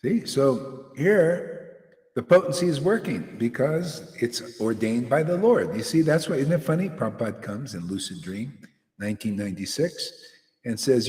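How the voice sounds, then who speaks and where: A man's voice: medium pitch, animated, moderate pace, darkish tone. Fiery preacher man in an echoey hall. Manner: confrontational, rambling, keeps saying "see" and "man". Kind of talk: informal devotional sermon. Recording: echoey hall with long reverb.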